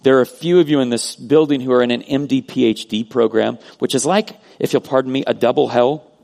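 A man preaching a sermon as pastor, earnest, moving between loud emphasis and hushed prayer. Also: mid-range voice, fairly even intonation, a little fast, vocal fry. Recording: long hall reverb.

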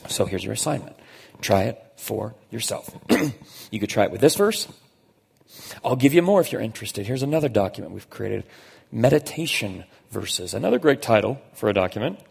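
A man with a fairly low, very husky voice and a heavy gravelly rasp delivers a conversational sermon. He leans on key phrases and slows down to stress them. The sound carries the long reverb of a large church hall. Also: very animated, a little mellow. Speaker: pastor.

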